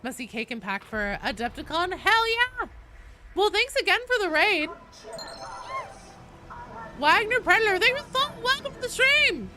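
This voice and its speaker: A woman's voice: extremely high pitch, sing-song, unhurried, long pauses. A young woman streaming a game, chatting casually with viewers in a bubbly manner and swearing freely. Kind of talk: casual live-stream chat.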